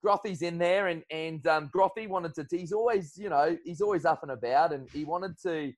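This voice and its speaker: An Australian man, a guest on a chat podcast, telling a story in a relaxed way, full of ums and restarts. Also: fairly high pitch, moderate pace. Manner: relaxed yarn-spinning with frequent fillers.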